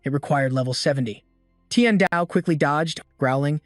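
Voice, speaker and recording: A man narrating a comic story recap in a steady storytelling manner. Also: on the high side, moderate pace, no echo, studio quality. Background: faint background music.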